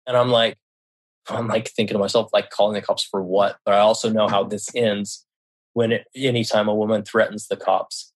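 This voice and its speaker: This middle-aged man speaks in a fairly low, steady voice as he recounts something from his own life. His casual delivery keeps breaking off, with frequent restarts and self-corrections.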